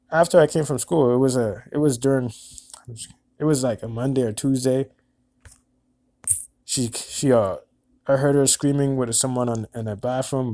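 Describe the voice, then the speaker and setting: A man in his twenties telling a personal story in a halting, earnest way, often repeating words. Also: mid-range voice, a little mellow. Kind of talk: personal monologue recounting events.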